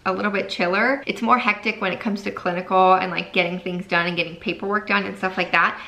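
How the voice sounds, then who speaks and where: A woman's voice: mid-range voice, fairly even intonation, fast, creaky, sharp tone, rough recording. A woman in her twenties, a nursing student vlogging to camera in a chatty, casual way, full of "like" fillers, at times holding back tears. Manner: chatty, lots of fillers like "like" and "freaking". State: tearful, holding back crying.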